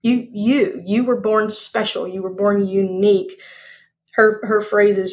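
A woman's voice: mid-range voice, fairly even intonation, measured pace, a little mellow. Woman guest, folksy and emphatic delivery, mid-range voice. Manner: folksy, emphatic, repeats phrases for effect. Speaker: podcast guest, speaker. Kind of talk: casual interview chat.

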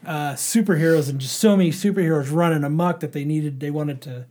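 A speaker chatting excitedly with friends, swearing a lot. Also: mid-range voice, a little fast. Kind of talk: casual podcast chat.

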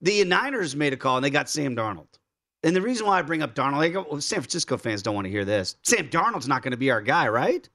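A man hosting a sports betting show, chatting casually and acting out quotes in mock voices. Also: fast. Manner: animated, acts out quotes in high mock voices. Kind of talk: casual sports radio banter.

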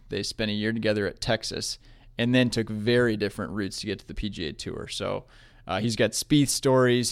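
A man's voice: medium pitch, no room sound, studio quality. A man hosting a golf podcast, chatting casually and retelling stories. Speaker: golf podcast host and reporter.

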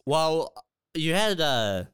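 A man's voice: on the high side, sing-song, extremely slow, a bit bright, smooth, no echo, studio quality. A man co-hosting a casual podcast, laid-back and laughing easily as he asks probing questions. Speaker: podcast co-host. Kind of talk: casual chat.

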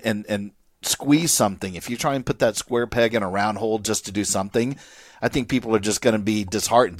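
A man co-hosting a podcast, talking in an animated, persuasive way and often repeating words. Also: fairly low pitch, no echo, clean studio sound. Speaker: podcast co-host and speaker. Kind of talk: conversational podcast chat.

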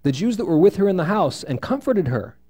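Mellow-voiced man teaching a Bible study. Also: high voice, brisk, breathy edge. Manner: animated, asks the group questions, reads scripture and explains it. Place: room with a small group listening.

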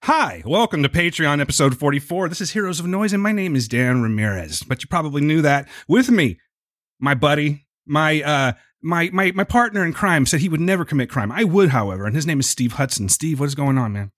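A man's voice: a little high, brisk, no room sound, studio quality. A man hosting a podcast in casual, joking chat with his guests. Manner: animated, jokey, playful radio-voice bits. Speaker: podcast host.

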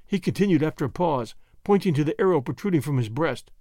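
Male audiobook narrator, lively wide-ranging delivery, higher voice, dramatic storytelling. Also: quick pace, no room sound, clean studio sound. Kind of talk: scripted narration.

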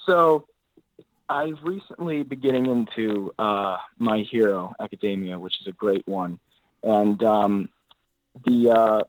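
An easygoing male actor chatting in an interview, his speech loose and rambling, full of filler words. His voice sits in an ordinary middle pitch. The recording is dry, with no room echo. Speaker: actor guest. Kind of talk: casual interview chat.

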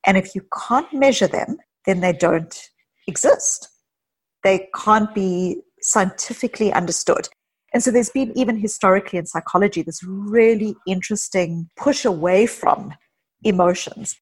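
A middle-aged woman, a psychologist guest in a podcast conversation, telling animated stories with quoted dialogue. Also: mid-range voice, moderate pace, husky. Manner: animated storyteller, vivid anecdotes with quoted dialogue.

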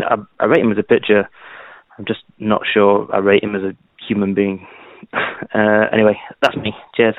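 A man with a British accent leaving a voicemail with dry, deadpan humour. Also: lowish voice, dry recording. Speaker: caller. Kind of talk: voicemail message. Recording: tinny phone-line voicemail.

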